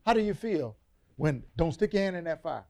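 Lively high-voiced male preacher. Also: a little fast, vocal fry. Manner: dynamic, call-and-response, drops soft then booms. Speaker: preacher teaching a Bible lesson. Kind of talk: sermon.

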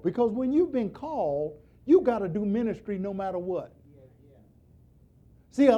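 Man preaching a sermon, folksy, direct, mellow voice, wide pitch swings. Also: lo-fi sound. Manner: animated, folksy, direct to congregation.

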